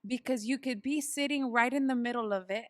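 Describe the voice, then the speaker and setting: A woman hosting a casual interview, asking slow, emphatic, encouraging questions. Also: fairly high pitch, no echo. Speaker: podcast host.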